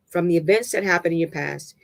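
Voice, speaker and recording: Halting storyteller reading a novel. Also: mid-range voice, creaky. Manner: halting reading with restarts and stumbles. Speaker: narrator.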